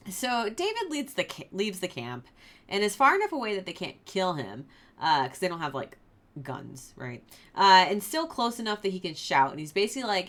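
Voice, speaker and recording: A woman hosts a casual Bible study, reading verses aloud and then talking them over. She is informal and chatty, full of fillers and asides, and her pitch rises and falls a lot around a middle height. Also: big pitch swings, moderate pace, a bit bright.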